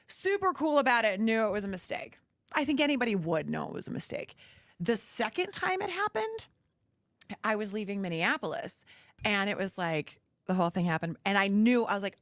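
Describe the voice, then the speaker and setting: A woman's voice: medium pitch, big pitch swings, moderate pace, fairly bright tone, dry recording, clean studio sound. A woman radio host telling a long anecdote in casual chat, acting out the dialogue. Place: radio studio. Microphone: studio mic.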